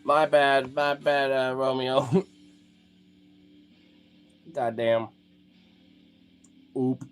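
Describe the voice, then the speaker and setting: A man's voice: mid-range voice, steady tone, extremely slow, smooth, soft background music. A young man chatting casually on a live stream, rambling with lots of fillers, frequent swearing and laughter.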